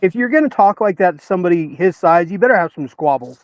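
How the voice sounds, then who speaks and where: A man chiming into a casual panel chat, animated and repeating himself as he talks. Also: sits high, fast talker, no room sound. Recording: dull, lo-fi remote feed.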